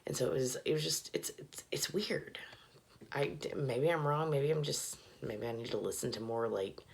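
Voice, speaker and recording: A woman's voice: a bass voice, moderate pace, creaky. A tipsy woman rambling casually and profanely in a bathroom, often dropping to a mutter. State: tipsy, slurring a little. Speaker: vlogger.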